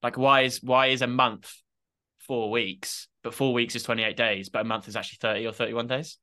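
A man's voice: medium pitch, flat delivery, fairly quick, pushed and bright. A man co-hosting a podcast in casual chat, self-mocking and full of "like" fillers. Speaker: podcast co-host.

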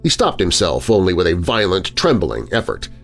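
A man narrating a story in a dramatic audiobook style, expressive and lingering on vivid words, with faint music underneath. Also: deep voice, moderate pace.

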